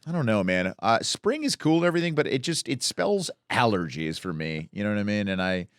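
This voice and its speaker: Laid-back low-voiced podcast man. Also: expressive, fairly quick, clean tone, no room sound, clean studio sound. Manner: laid-back, rambling with restarts. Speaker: podcast co-host. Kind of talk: comedic casual chat.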